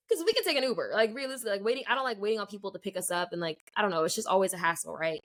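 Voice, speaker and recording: Young woman, casual podcast story, fillers, acts out dialogue, swooping pitch. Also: very fast, slight background noise. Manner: animated, acts out quoted dialogue, many "like" fillers. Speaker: podcast co-host.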